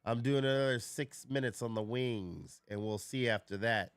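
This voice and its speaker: Guy rambling on his live stream, cussing a lot, smooth clear voice, dry close mic. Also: mid-range voice, moderate pace, no echo. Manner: rambling storyteller, swears freely, talks back to chat. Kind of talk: casual chat on a live stream.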